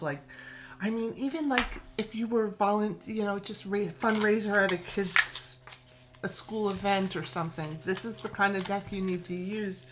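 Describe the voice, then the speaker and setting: Speaking in a mid-range voice over a noisy background, a middle-aged New Yorker chats casually in her vlog about tarot decks, which she collects and reviews. She gushes and laughs a lot.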